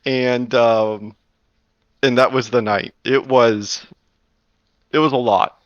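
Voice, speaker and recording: A man's voice: mid-range voice, fairly even intonation, slow pace, no room sound, dull audio. A man in his thirties telling a long story in casual chat, rambling with lots of fillers and laughs.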